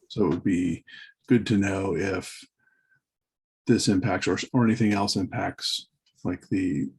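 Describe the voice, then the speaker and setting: A man's voice: deep voice, creaky, darkish tone, husky. A man in a work meeting on a video call, talking hesitantly with many restarts and fillers. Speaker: meeting participant. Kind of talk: casual work meeting talk.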